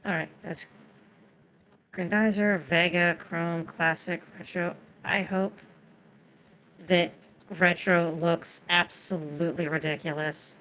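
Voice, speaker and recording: A woman's voice: on the low side, steady tone, slow, fairly bright tone, slight background noise, rough recording. A woman whose first language is Japanese, giving chatty, swearing commentary on a game and talking to her chat. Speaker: streamer.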